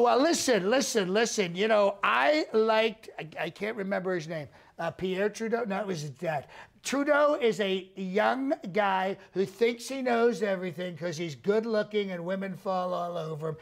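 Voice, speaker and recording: A man's voice: sits high, gravelly. A male comedian doing a live impression of a boastful male ex-president, rambling and repeating himself in a mock press conference.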